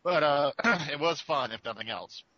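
A man's voice: fairly high pitch, expressive, moderate pace, pushed and bright, lo-fi sound, a little hiss or hum. A man co-hosting a podcast, joking and laughing between his lines. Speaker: podcast co-host. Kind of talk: casual chat.

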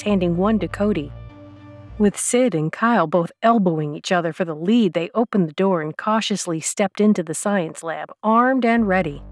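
Low-voiced woman reading a story. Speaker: narrator. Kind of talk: audiobook narration.

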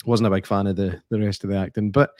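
A Scottish man in his thirties co-hosting a casual film chat, animated, swearing and laughing as he talks. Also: on the low side, quick pace, no echo, studio quality. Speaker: podcast co-host.

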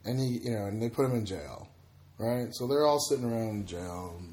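A man's voice: medium pitch, lively intonation, brisk, darkish tone. A man, a comedian and podcast guest, chatting casually and acting out voices in his stories. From Egypt / United States. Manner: storytelling, acts out voices in anecdotes.

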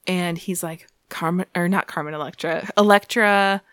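A woman's voice: lowish voice, moderate pace, a bit bright, clear, resonant tone, no echo, studio quality. Laughing, joking woman podcast co-host. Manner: laughing, profane, joking asides. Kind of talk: casual recap chat.

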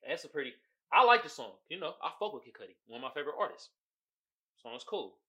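A male podcast host runs through an album in a loose, profanity-heavy monologue. His pitch swings widely as he talks. His tone is bright and forceful, and he laughs often. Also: big pitch swings, fast. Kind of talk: casual album review monologue.

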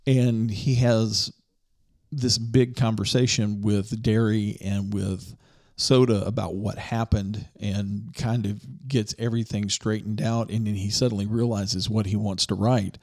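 A man's voice: on the low side, fairly even intonation, unhurried, a little mellow. A man co-hosting a casual movie podcast, retelling a story at length with lots of "you know" and restarts. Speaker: podcast co-host.

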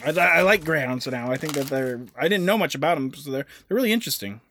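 A man co-hosting a podcast in casual chat, easygoing and halting with frequent restarts. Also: fairly high pitch, expressive, pushed and bright, a little hiss or hum. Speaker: podcast co-host.

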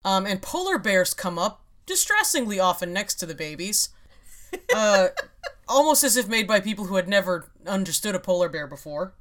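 A woman's voice: medium pitch, very animated, normal speed, a bit bright. A woman hosts a casual podcast chat. She explains her topic in a wry, rambling way, with frequent laughs. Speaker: podcast host.

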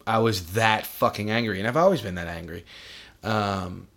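Podcast host, middle-aged man, low gravelly voice, blunt and profane storyteller. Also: normal speed, a bit bright. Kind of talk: casual chat.

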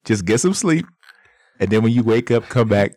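A man co-hosting a casual sports debate, animated and incredulous, repeating his points. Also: lowish voice, normal speed, dry recording.

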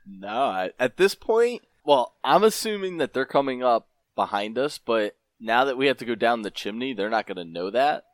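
A man playing a tabletop game, animatedly planning moves out loud. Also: mid-range voice, sing-song, moderate pace, hardly any pauses, no echo, studio quality. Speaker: player.

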